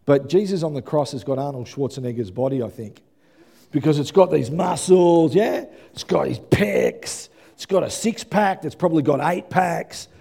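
A male pastor preaching an animated sermon, rising to shouts at the peaks and dropping into quick asides. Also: a little high, creaky, husky.

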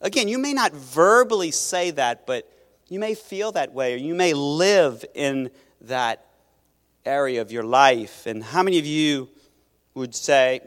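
A man's voice: fairly high pitch, expressive, measured pace. A man preaching a sermon as pastor, in a conversational way that restarts phrases and questions his listeners. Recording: long reverb of a large hall.

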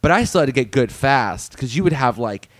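A man co-hosting a podcast, telling long work stories in a casual, profane, lively way. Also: mid-range voice, a little fast, no echo. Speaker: podcast co-host.

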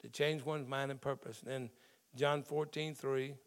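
A man's voice: mid-range voice, steady tone, moderate pace. A man who is a pastor, preaching a sermon in a conversational way and explaining the meaning of Greek words in scripture.

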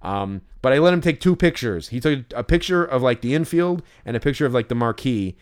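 A man's voice: medium pitch, animated, a little fast, smooth. A man co-hosting a podcast in casual chat, rambling with lots of fillers and restarts. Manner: acts out exasperated yelling when quoting himself. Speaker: podcast co-host.

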